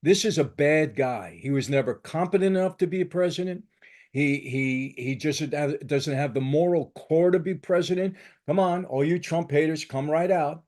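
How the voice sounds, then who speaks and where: A man's voice: a little high, moderate pace, darkish tone. An older man hosting his own channel, delivering an emphatic, combative political commentary with lots of repetition. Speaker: channel host.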